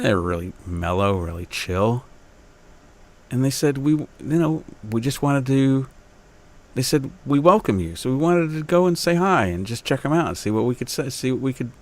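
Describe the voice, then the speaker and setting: A man's voice: fairly low pitch, a bit bright. A man hosting his own podcast, telling a local story in a rambling, self-interrupting way, with an Upstate New York accent. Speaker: podcast host. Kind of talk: casual monologue.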